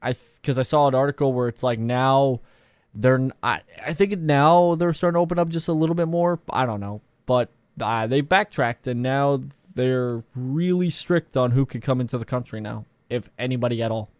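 A man's voice: mid-range voice, fairly even intonation, normal speed, a little mellow, no room sound. Rambling young man, dry close voice. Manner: rambling, self-deprecating, many fillers. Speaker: YouTuber. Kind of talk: casual vlog talk.

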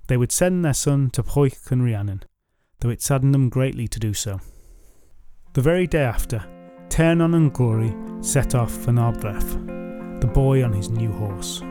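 A man's voice: medium pitch, lively intonation, a little slow, dark tone, soft background music. A young man retelling old myths with wry, jokey asides, as a storytelling podcast host. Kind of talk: comic myth retelling.

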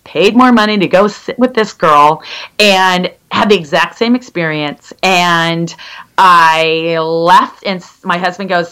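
Candid, halting woman in her fifties. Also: fairly low pitch, sharp tone, smooth, rough recording. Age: 50s. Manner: candid, halting, many fillers and restarts. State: legally blind. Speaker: interview guest. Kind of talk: personal story in conversation.

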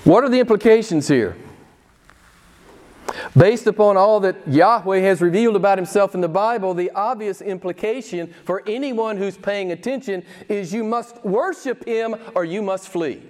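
High-voiced pastor preaching emphatically. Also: male voice, darkish tone. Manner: emphatic, with rhetorical questions and dramatic pauses. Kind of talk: sermon.

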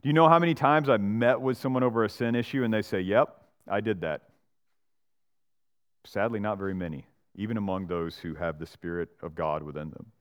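A man's voice: lowish voice, brisk. A man who is a pastor, preaching an expository sermon in a conversational way, often tagging lines with "right?" and briefly acting out the people he quotes. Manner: acts out Bible characters and church members in voices.

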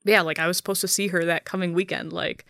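A young woman talking in a casual podcast conversation, halting and full of fillers and restarts, blunt and profane. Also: lowish voice, fairly even intonation, a bit bright, no room sound, clean studio sound.

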